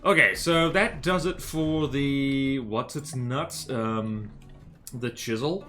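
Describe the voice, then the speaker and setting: A man from the American South with a mid-range, slightly bright voice gives slow, rambling, casual live-stream commentary on a game, full of fillers, restarts and self-corrections. Soft music plays in the background.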